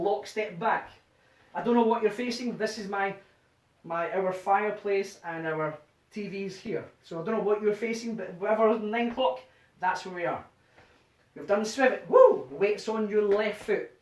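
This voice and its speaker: A man's voice: high-pitched, moderate pace. Male line dance instructor, rhythmic count-calling, slightly winded, distant camera mic in a roomy home. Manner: counts steps aloud in a rhythmic chant. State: a bit out of breath. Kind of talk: teaching a dance workshop from home. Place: living room at home.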